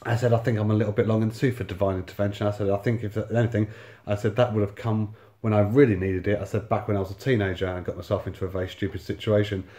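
A man's voice: fairly low pitch, flat delivery, quick pace, dark tone, roomy sound. Sardonic sweary man in his thirties. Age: 30s. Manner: sardonic, sweary, lots of reported speech. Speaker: vlogger telling a personal story. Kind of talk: casual storytelling monologue.

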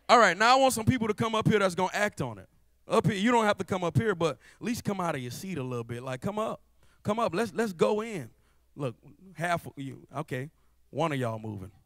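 A young man preaching a lively sermon in church. He jokes and calls out to the congregation in a casual, playful way. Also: high voice, no echo. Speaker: guest preacher. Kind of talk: lively church sermon with spoken-word rap. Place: church sanctuary before a live congregation.

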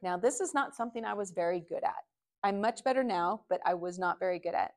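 A middle-aged woman presenting a video workshop, advising the viewer directly. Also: medium pitch.

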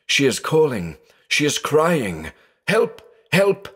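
A man's voice: low-pitched, lively intonation, measured pace. A man voicing a terrified old blind man who pleads and shrieks in panic. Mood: rising panic.

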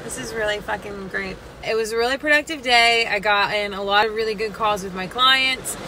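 A woman's voice: mid-range voice, a little fast, pushed and bright, a little hiss or hum, rough recording. A young woman casually vlogging her day from her car, chatty, swearing freely and poking fun at herself. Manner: profane, chatty and self-mocking. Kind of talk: casual day-in-the-life vlog.

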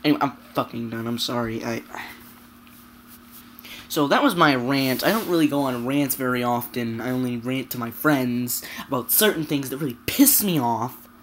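A woman's voice: rumbling low, normal speed, a little hiss or hum. A young woman vlogger ranting to camera, sweary and exasperated, stumbling over her words. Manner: sweary, exasperated, stammering restarts. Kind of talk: angry rant to camera.

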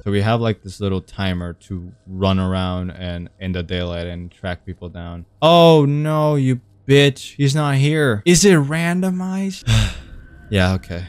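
A man's voice: lowish voice, lively intonation, measured pace, smooth, no room sound. A young man giving jumpy, cursing commentary while playing a horror game, rambling and poking fun at himself. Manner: jumpy, swears a lot, easily startled; rambling, self-mocking venting. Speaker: gaming video creator.

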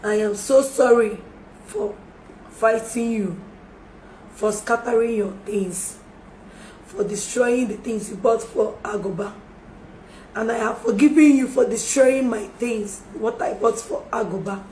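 A woman's voice: on the high side, a little slow, dark tone. Pleading woman in an echoey room. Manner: pleading, repeats apologies and requests for forgiveness. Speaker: livestreamer making a public apology. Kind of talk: emotional live-stream appeal. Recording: echoey room with faint background noise.

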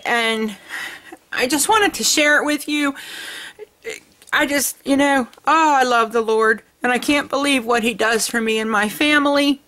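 A middle-aged woman hosting her crafting vlog, gushing with excitement and laughing often. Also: high-pitched. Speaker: crafting channel host. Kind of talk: casual vlog chat.

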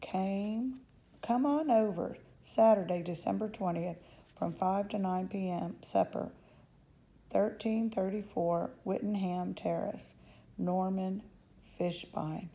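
A woman reading a children's novel aloud, lifting her voice for the young narrator's excited thoughts. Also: medium pitch, unhurried, gravelly, poor audio. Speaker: audiobook reader.

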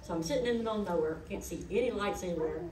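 A woman's voice: mid-range voice, rapid-fire, a little mellow, a little hiss or hum. A middle-aged woman, giving a eulogy in a chatty, folksy storytelling way. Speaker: eulogist, daughter of the deceased. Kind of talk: eulogy told as personal stories. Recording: echoey hall, voice from far off.

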